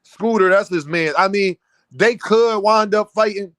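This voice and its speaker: A man hosting a casual boxing commentary stream, heated and animated, often repeating himself and breaking into near-shouts. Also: high voice, unhurried, no room sound. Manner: many restarts and repeated fillers.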